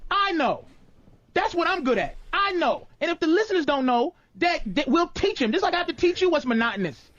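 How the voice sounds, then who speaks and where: Very high-voiced, combative radio host man. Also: big pitch swings, brisk, fairly bright tone, no echo. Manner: blunt, combative, cocky. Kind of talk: heated on-air argument. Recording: dull, dry radio broadcast audio.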